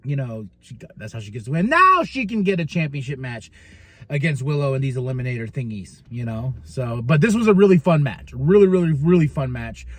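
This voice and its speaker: A man hosting a podcast, recapping wrestling in a casual monologue, laughing often and slipping into quick mock voices when he quotes people. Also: mid-range voice, very animated, no echo. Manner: laughs often, stumbles and restarts.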